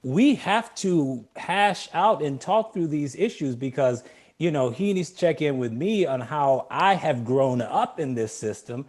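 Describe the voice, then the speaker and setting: Earnest, measured man. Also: on the high side, expressive, a little mellow. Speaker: guest dancer. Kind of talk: earnest conversational interview.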